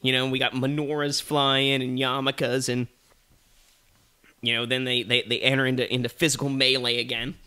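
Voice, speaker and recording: A man's voice: mid-range voice, bright, forceful tone. A man co-hosting a comedy podcast, telling a rambling made-up story full of swearing and fillers. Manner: rambling, profane, many fillers. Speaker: podcast co-host.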